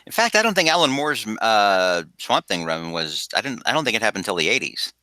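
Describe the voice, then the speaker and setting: A man's voice: lowish voice, very animated, fairly quick, pushed and bright, no echo. A man hosting a casual podcast chat, rambling and interrupting himself as he sums up a story. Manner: rambling, self-interrupting, laughs while summarizing. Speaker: podcast host.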